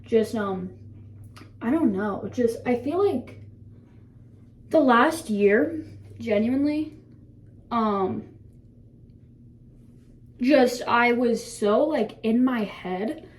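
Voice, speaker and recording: Teen girl vlogger, seventeen, rambling casual talk to a phone in a bathroom, quick laughs, loose swearing, slightly high voice. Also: lively intonation. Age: teens. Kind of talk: casual self-reflection chat to camera. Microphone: phone camera.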